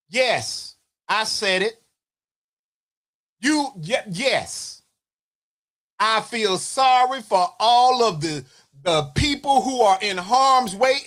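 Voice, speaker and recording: A man giving fiery livestream political commentary, preaching at his audience, often shouting and repeating phrases for emphasis. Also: very high-pitched. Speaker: military veteran streamer.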